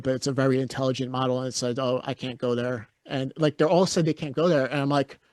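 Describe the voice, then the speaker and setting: A man's voice: mid-range voice, dry recording, studio quality. A man co-hosting a podcast, chatting casually and telling stories in a blunt, opinionated way. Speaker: podcast co-host.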